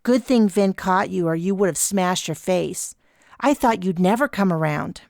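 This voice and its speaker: A woman's voice: on the low side, animated, normal speed, gravelly, darkish tone, no echo, studio quality. A woman voicing a chatty, teasing young woman with a breezy, playful manner.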